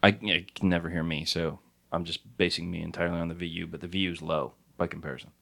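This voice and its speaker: Deep gravelly man with lively pitch. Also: quick pace. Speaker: podcast co-host running the sound board. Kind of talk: casual chat.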